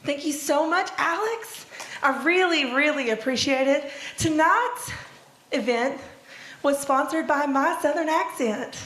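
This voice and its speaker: A woman emcees a live event with chatty, joking banter. Her voice is high and bright, carried by a roomy echo with faint noise behind. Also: measured pace. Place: seminary event room.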